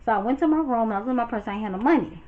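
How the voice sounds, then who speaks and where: A woman from Brooklyn, telling a story to her viewers in a chatty, animated and profane way. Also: on the high side, rapid-fire, phone-quality sound. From Brooklyn, New York. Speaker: storytime vlogger. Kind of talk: casual storytelling.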